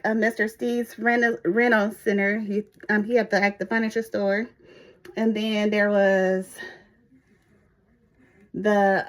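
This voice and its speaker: A woman telling a personal story in a casual, animated way at a church gathering. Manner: animated, acts out others' voices in high pitch. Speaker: storyteller sharing her life story.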